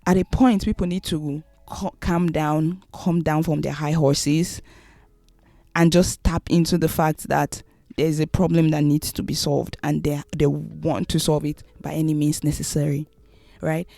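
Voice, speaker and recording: A woman's voice: sits low, level tone, unhurried, creaky, mellow, no room sound. Emphatic Nigerian woman, dry sound. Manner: emphatic, repeats and restarts phrases. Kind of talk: opinionated monologue.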